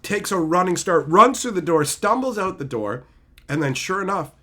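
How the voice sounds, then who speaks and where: Guy on a live stream gushing about a show, kinda high voice, all fired up. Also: moderate pace. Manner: excited, animated retelling. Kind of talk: casual live-stream review.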